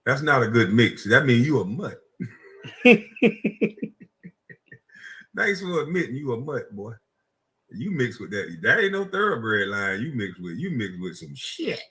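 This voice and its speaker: Bright, mocking South Carolina man. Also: mid-range voice, very animated, normal speed. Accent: Gullah Geechee, South Carolina. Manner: mocking, combative, laughs at his own insults. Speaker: streamer host. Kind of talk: heated reaction stream.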